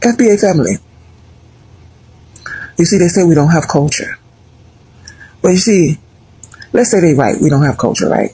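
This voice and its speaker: An American woman giving animated, emphatic opinion commentary to her viewers, with mocking asides. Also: lowish voice, moderate pace, long pauses, slightly rough. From United States. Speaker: video commentator.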